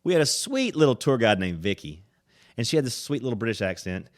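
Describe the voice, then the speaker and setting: An American man hosts a casual podcast chat. He tells stories with energy and often slips into other people's voices. His voice sits at a middle pitch. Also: fast talker. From United States. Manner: animated storyteller, acts out voices with loud high-pitched impressions. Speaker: podcast host.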